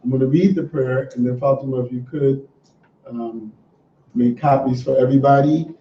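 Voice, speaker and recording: Speaking at a moderate pace in a mid-range voice, a class teacher leads a religious lesson in an easygoing, encouraging, conversational manner, then reads a prayer aloud to the group. The audio is dull and roomy, picked up by a distant mic.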